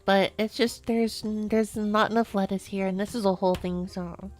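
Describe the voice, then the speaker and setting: A woman's voice: mid-range voice, fairly even intonation, normal speed, darkish tone, soft background music. A woman streamer chatting casually on a live stream, rambling, giggling often and restarting her sentences.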